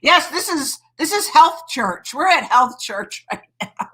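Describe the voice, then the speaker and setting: Middle-aged woman doctor, live-stream host; emphatic and passionate, a bit high and bright. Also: big pitch swings, unhurried, low-quality recording. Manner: emphatic, fired-up, says "friggin'" a lot. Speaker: hormone coach and doctor. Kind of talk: live-stream chat with viewers.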